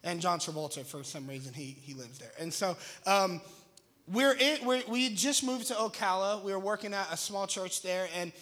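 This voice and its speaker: A young man, a pastor, telling a lively, jokey story to an audience and acting out his own shouts. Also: sits high, normal speed.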